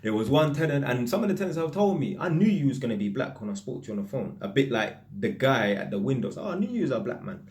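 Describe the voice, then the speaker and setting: Rattling along quickly with few pauses, a medium-pitched British electrician casually tells anecdotes to camera in a lively way. His accent is steeped in London street slang.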